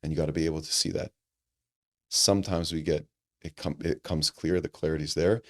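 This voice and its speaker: Deep-voiced man telling a heartfelt story. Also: a little fast. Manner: animated, acts out quoted dialogue, frequent restarts; earnest and reflective. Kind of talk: conversational storytelling.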